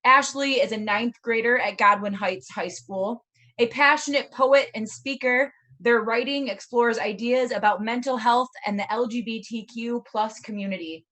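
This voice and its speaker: A woman's voice: fairly high pitch, normal speed, sharp tone. A woman hosts an online student poetry showcase over a video call, upbeat and encouraging. She introduces each reader casually, with a few filler words along the way. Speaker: host of a poetry show. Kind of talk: casual emceeing.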